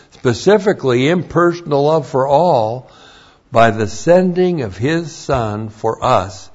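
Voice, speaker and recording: A man teaches verse by verse from the Bible at a very slow, deliberate pace. He leans hard on key phrases and repeats them for emphasis, at a middle pitch. The recording is dull and lo-fi. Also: a little mellow, slightly rough.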